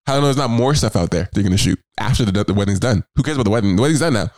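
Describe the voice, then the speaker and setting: A man's voice: lowish voice, expressive, rapid-fire, darkish tone, no echo, clean studio sound, voice pushed down, natural voice. A man voicing a rude, suspicious male border officer in a story, curt and dismissive.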